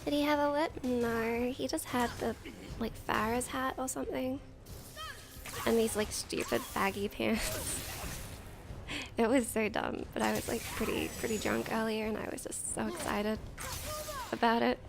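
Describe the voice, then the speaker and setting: A high-voiced woman streams a game and chats casually, swearing and tired. Her voice has a gravelly fry, and a steady hiss of noise sits under the mic. She drifts into a cooing baby voice for her dogs. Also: measured pace. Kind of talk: casual gameplay commentary.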